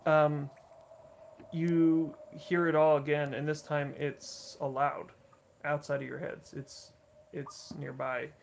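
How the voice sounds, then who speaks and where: Gravelly man narrating a tabletop game. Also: on the high side, level tone, a little hiss or hum. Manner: halting, filler-heavy descriptive narration. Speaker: dungeon master.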